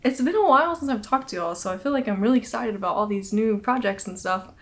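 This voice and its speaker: A woman's voice: medium pitch, animated, fast talker. A young woman hosting a knitting podcast, chatting casually, laughing often and a little out of breath. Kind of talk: casual chat.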